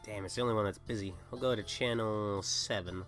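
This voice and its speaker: A man's voice: lowish voice, steady tone, a little fast, a bit bright, faint music behind. A young man who is sick, chatting casually and rambling while livestreaming a game. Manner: rambling, self-interrupting. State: sick, coughing. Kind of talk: casual gaming livestream chat.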